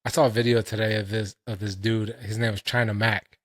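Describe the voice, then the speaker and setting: A man co-hosting a casual podcast, telling stories in animated, profane slang. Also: fairly low pitch, brisk. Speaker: podcast co-host. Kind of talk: casual chat.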